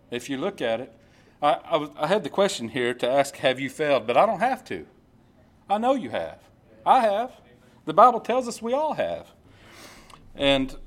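A man preaching a conversational sermon at a church service, reading scripture slowly and often repeating himself. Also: medium pitch. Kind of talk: informal sermon.

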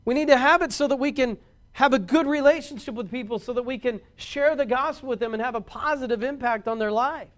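A man preaching a sermon as a pastor, folksy and rising louder on key points. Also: very high voice, a little fast.

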